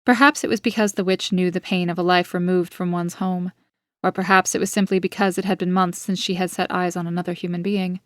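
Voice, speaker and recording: Low, flat-toned woman narrating a dark tale. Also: dry recording, studio quality. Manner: even, measured storytelling. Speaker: author and narrator. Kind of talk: scripted audiobook narration.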